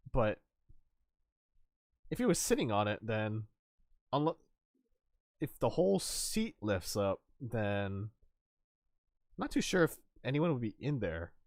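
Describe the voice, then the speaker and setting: Young male streamer, rambling casual chat, lively swinging pitch, dry close sound. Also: dry recording. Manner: rambling, laughs, swears, acts out quotes.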